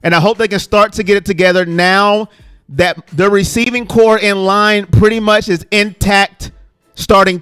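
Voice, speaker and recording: A man hosts a live sports fan stream in a bright, high voice, hammering his points home through repetition. The sound is dry and close, with faint music underneath. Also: no room sound. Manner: emphatic, repeats points, animated. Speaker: sports show host. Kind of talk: live-stream fan show, reading chat.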